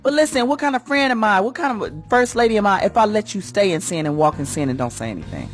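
A woman's voice: medium pitch, lively intonation, fast talker, faint music behind. Fervent woman preaching on morning radio. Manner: fervent, folksy, swoops up and down for emphasis. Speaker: radio host and church first lady.

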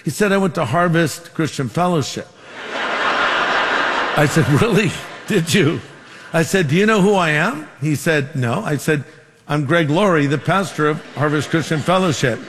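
A man's voice: fairly high pitch, animated, moderate pace, big-room sound, noisy background. A man preaching a sermon as pastor, making numbered points and telling stories with quoted dialogue.

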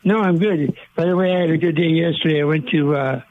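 Quiet caller on a dull line. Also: male voice, on the high side, fast, no echo. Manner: talking quietly, just waking up.

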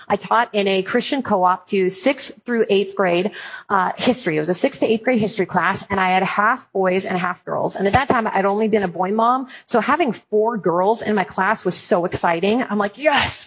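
A woman with a slightly husky, breathy voice speaks to a faith audience. She moves between earnest teaching and quick, playful storytelling, and her voice sits at an ordinary middle pitch. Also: poor audio. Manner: animated storytelling with playful humor. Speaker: Christian speaker on apologetics and parenting. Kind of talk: talk to an audience.

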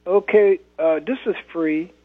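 Husky male caller on a tinny phone line. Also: high voice, a little slow. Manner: hesitant, many fillers, plainspoken. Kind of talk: phone-in call.

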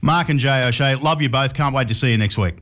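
A man hosting a radio interview, friendly and halting, with frequent uhs and restarts. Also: mid-range voice, fairly bright tone. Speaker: radio host.

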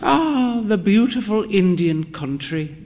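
A man voicing a frail, proud old woman who speaks in a high, quavering, grandly dramatic way. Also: very animated, slow, a little mellow, a little hiss or hum, heavily acted.

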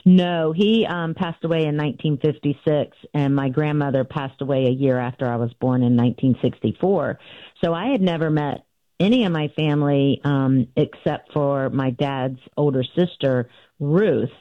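A woman's voice: low voice, normal speed, dry recording. A woman in her sixties, an author guest, telling her family story in a conversational way, with many fillers and restarts as she recounts events. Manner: recounts events with frequent fillers and restarts, acting out quoted voices. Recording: tinny phone-line sound.

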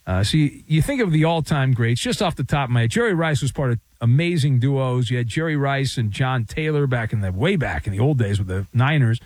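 A man's voice: mid-range voice, animated, fairly quick, hardly any pauses, a little mellow, no echo. A man hosting a sports talk show, riffing sarcastically and joking between points. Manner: wisecracking, sarcastic, playful riffs. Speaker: sports radio host.

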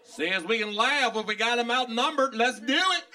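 A man's voice: very high-pitched, lively intonation, normal speed, pushed and bright. A man doing a stand-up set in a comedy club, teasing and provoking the audience.

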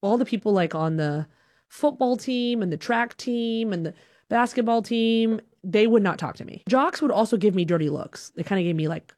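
A woman from Alabama telling a personal story in a lively, self-deprecating way, slipping into voices as she talks. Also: mid-range voice, moderate pace, no echo, studio quality. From Huntsville, Alabama, USA.

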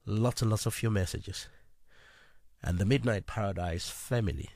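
A man presenting a late-night radio music show in a chatty, easygoing way, with filler pauses. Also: lowish voice, darkish tone, dry recording, studio quality.

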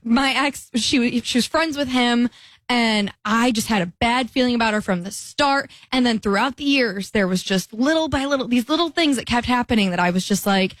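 A young woman talks in a relaxed, chatty way, slipping into quoted voices as she tells a story. Her voice sits a little high. The sound is dry and close, with no room behind it. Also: normal speed, no echo. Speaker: podcast co-host. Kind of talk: casual chat.

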